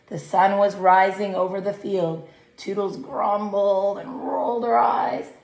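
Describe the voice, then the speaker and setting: A woman reading a picture book aloud to children, gentle, with questioning asides to her young listeners. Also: medium pitch, steady tone, unhurried, roomy sound. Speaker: read-aloud narrator.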